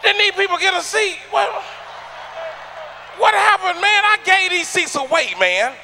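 A man from Atlanta doing loud, profane stand-up comedy on stage, teasing the crowd and shouting punchlines. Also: very high voice, expressive, measured pace, gravelly, slight background noise. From Atlanta, USA.

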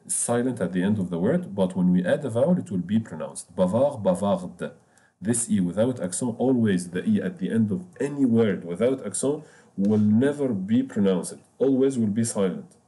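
A man whose first language is Arabic teaches a beginners' language class in English. His voice sits low and mellow. He is patient, repeats each word and spells it out letter by letter. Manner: patient, repetitive, spells out words slowly. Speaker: French teacher. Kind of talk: explaining a language lesson.

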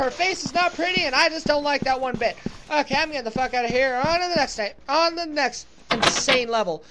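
A woman's voice: high voice, expressive, fairly quick, hardly any pauses, a bit bright, slight background noise. A woman giving casual, sarcastic commentary while playing a horror game, joking and talking back to the game. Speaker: let's play gamer.

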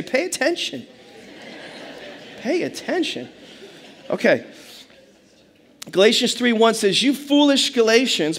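Man, middle-aged, pastor, sermon, high voice, animated, acts out quotes, fillers and restarts.

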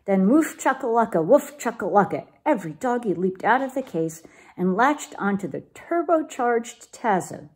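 Lively woman reading a picture book. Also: on the high side, normal speed, husky. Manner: expressive, lively read-aloud. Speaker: storyteller.

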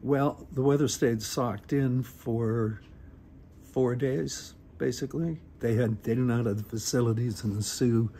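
A man's voice: medium pitch, steady tone, measured pace, mellow, slight background noise. A middle-aged man, telling a personal story in a casual, wry, self-deprecating way. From Northern Ontario. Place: recorded on a phone. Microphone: phone.

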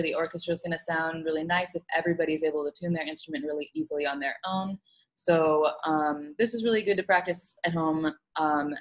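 A woman music teacher giving an online lesson, explaining calmly with frequent "um" fillers. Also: lowish voice, low-quality recording. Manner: relaxed explaining with many fillers.

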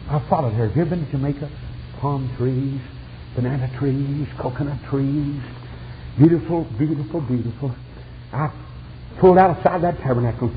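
A man preaching as an evangelist, telling a story with dramatic swings of pitch and sudden shouted peaks. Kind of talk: storytelling sermon. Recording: dull lo-fi archival sermon tape with faint hiss.

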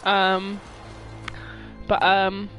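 A young streamer chatting and telling rambling stories while playing a game, laughing often and yelling at it when things go wrong. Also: mid-range voice, completely flat delivery, extremely slow, soft background music, rough recording. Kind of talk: live gameplay chat.

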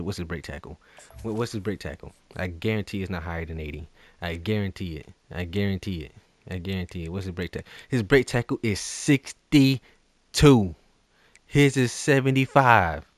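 A man giving live commentary over his own gameplay as a YouTuber, ranting in exasperation and swinging between muttering and shouting. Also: deep voice. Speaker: gaming YouTuber.

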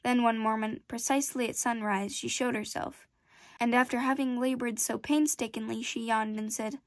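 A woman reading a classic children's novel aloud in a gentle, measured storytelling manner. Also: a little high, fairly even intonation, dry recording. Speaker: storybook reader.

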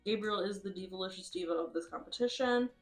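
A woman's voice: mid-range voice, fast talker, faint music behind. A woman giving casual, chatty commentary over a game, laughing often and swearing freely. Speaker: host.

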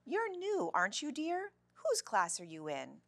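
A woman voicing a loud, cheery older woman who works as a lunch lady and chatters on in a bubbly way. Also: high voice, huge pitch swings, a little slow, pitched above the performer's own voice, full character voice.

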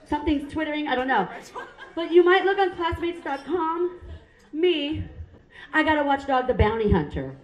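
A woman's voice: high voice, lively intonation, moderate pace. A middle-aged woman from Hawaii, doing stand-up comedy on a club stage, punchy and self-mocking as she chats with the crowd. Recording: roomy club sound.

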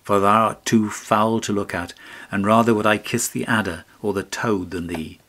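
A man's voice: fairly low pitch, fairly even intonation, normal speed, fairly bright tone. An actor reading an audiobook, voicing a proud, cruel young boy who speaks in a haughty, scornful way. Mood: bitter.

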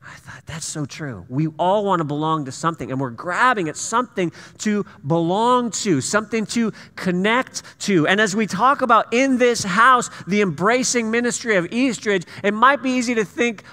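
A man's voice: sits high, expressive, normal speed, bright, forceful tone. A man from the US Pacific Northwest preaching a sermon in a church, telling stories with easy, self-deprecating humor. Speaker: pastor. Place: church sanctuary. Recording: church hall reverb.

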